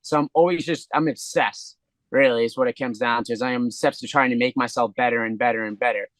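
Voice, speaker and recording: A man's voice: mid-range voice, fairly even intonation, fast talker, fairly bright tone, no echo. A man, a professional fighter, answering interview questions in a rambling, earnest way. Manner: rambling, earnest, restarts sentences. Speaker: interview guest, pro fighter.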